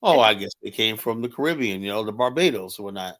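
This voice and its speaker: His voice is fairly low, a bit bright and expressive, and he speaks quickly. He's heatedly arguing his side in a casual live-stream debate, repeatedly throwing in "you know?" and other rhetorical questions.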